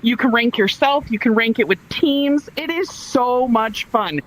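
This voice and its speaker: A woman co-hosting a casual podcast from a virtual reality space, bubbly and excitable, laughing often and swearing freely. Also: a little high, a little slow, a little hiss or hum, low-quality recording. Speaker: podcast co-host.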